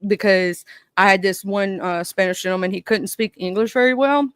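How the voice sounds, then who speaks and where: A woman's voice: medium pitch, normal speed, a bit bright, clean tone, no room sound, studio quality. A woman with a Southern US accent hosting a casual live-stream chat, joking and laughing often. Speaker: host.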